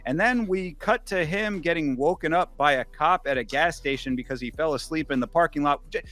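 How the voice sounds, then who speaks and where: A man with a slightly higher voice co-hosts a casual film review. He retells scenes with dry sarcasm and mock seriousness, chatting easily with his co-host. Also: brisk, fairly bright tone.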